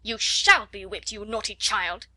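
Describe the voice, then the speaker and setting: A woman's voice: mid-range voice, brisk. A woman voicing a stern, stately headmistress who speaks in a severe, commanding way, in a storybook reading. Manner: severe, stately, near shouting.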